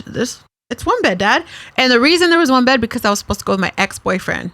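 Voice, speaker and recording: A woman guest on a podcast telling stories in casual chat, laughing often, swearing, and talking in quick bursts. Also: sits high, expressive, fairly bright tone, no echo.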